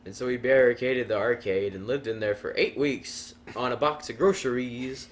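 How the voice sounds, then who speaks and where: A man's voice: mid-range voice, normal speed, slight background noise. Male gamer, casual, rambling silly storyteller. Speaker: let's play commentator. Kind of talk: casual gaming chat.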